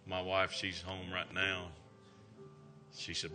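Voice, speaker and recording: Southern male evangelist, emphatic folksy sermon delivery, sharp bright tone. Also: deep voice, monotone, measured pace, soft background music. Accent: Southern American. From American South. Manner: folksy, emphatic, calls out "amen". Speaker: traveling evangelist. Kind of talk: revival sermon.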